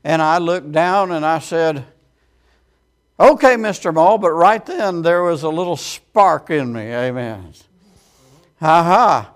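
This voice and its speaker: A man's voice: fairly high pitch, animated, takes it slowly. A man preaching a sermon as a storytelling testimony, with frequent amens and quoted voices acted out.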